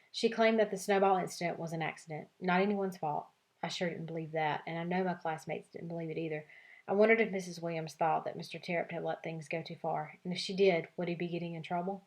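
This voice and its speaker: A woman teacher giving an expressive read-aloud of a children's novel for her class, voicing several child narrators. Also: lowish voice.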